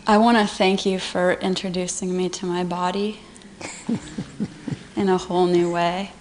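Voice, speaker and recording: Woman, fairly low voice, earnest, emotional, faint room noise. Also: level tone, measured pace, a little mellow. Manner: earnest, emotional, laughing often. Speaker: retreat participant. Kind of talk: personal sharing.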